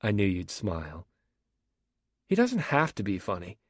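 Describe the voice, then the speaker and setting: A man's voice: fairly low pitch, huge pitch swings, unhurried, no room sound, clean studio sound, exaggerated voice. A man reading an audiobook, voicing a blunt young woman who talks frankly and teasingly.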